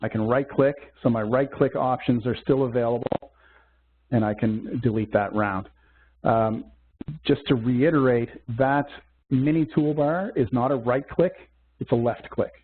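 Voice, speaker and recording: A man teaching a software demo in a webcast, walking through steps methodically with small fillers. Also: mid-range voice, unhurried, slight background noise. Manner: methodical step-by-step explaining with fillers. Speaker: software instructor. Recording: tinny phone-like webcast audio.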